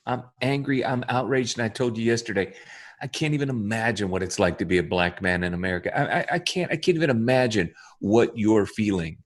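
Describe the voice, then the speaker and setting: A man who is a lead pastor, talking earnestly in a halting, apologetic way and repeating words as he searches for them. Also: fairly low pitch. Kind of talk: earnest conversation.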